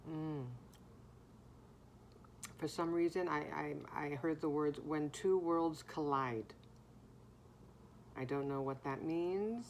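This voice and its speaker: Slow, reflective woman reading tarot cards. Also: sits low, slight background noise. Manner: slow, reflective, pausing, soft hums. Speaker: tarot card reader. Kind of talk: intuitive card reading to viewers.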